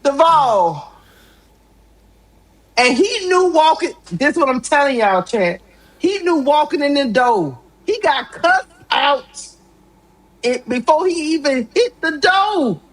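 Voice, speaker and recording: A middle-aged woman hosting a live sports talk stream, animated and exclamatory, laughing often. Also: high-pitched, slow, poor audio. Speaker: sports talk show host.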